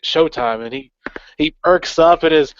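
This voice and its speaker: A man's voice: on the high side, unhurried, clear, resonant tone, no echo. A man playing in a tabletop game, describing his character's actions in a loose, casual way. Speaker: player. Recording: dull, dry sound.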